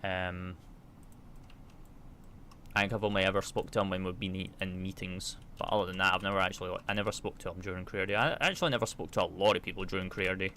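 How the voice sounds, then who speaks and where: UK man streaming a flight sim, chatty and relaxed, reads figures aloud, lowish voice. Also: quick pace, slight background noise. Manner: chatty, reads checklist numbers and answers chat aloud. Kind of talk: casual chat while flying a simulator.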